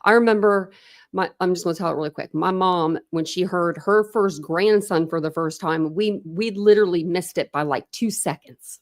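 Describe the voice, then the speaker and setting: A chatty woman in her thirties talks casually to her livestream viewers, greeting them by name and laughing often. Her voice sits a little low, and the sound is dry and close. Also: moderate pace, no room sound. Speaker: true crime livestream host.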